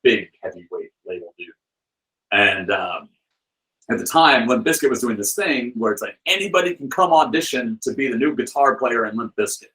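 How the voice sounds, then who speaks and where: A man, a podcast guest, telling a story in a relaxed, talkative way. His voice sits at an ordinary middle pitch. He sprinkles his speech with casual fillers as he goes. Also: normal speed, low-quality recording. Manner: lively anecdote-teller with loose filler words; acts out the people he quotes with shifted voices. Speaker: podcast guest, film director and author.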